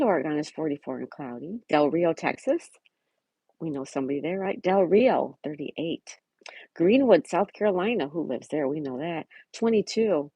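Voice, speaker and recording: Woman livestream host, low husky voice, chatty, greets viewers by name, dry close sound. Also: mellow, dry recording. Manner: chatty, reads out chat messages and weather, greets viewers by name. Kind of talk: casual live-chat reading.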